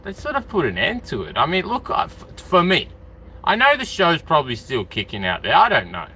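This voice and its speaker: A man's voice: on the high side, wildly swooping pitch, fairly quick, bright, forceful tone, slight background noise. A man from Australia chatting casually on a live stream, rambling and calling out to viewers by name.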